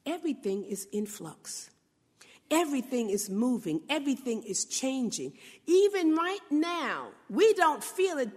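High, lively woman preaching a sermon. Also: long reverb tail. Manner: animated, fond of rhetorical questions.

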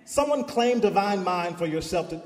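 A man's voice: sits high, expressive, moderate pace. A male pastor preaching a sermon, leading the congregation in call-and-response with rising, emphatic declarations. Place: church sanctuary. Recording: echoey hall.

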